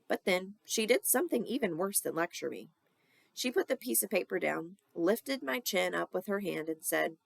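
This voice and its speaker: A woman teacher reads a children's story aloud, with a low, gravelly voice. The sound is dry and close, and she acts out the dialogue with lively character voices. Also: dry recording.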